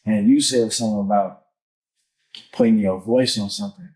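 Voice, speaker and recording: A man appearing as a musician guest on a podcast, talking casually in animated street slang and swearing often. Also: lowish voice, normal speed, poor audio. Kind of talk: casual conversation.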